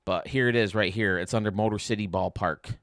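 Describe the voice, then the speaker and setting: A man's voice: on the low side, fairly even intonation, a little fast, a bit bright, no echo, clean studio sound. A man hosting a casual livestream from home, chatting as he explains game menus step by step. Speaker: YouTube gaming streamer.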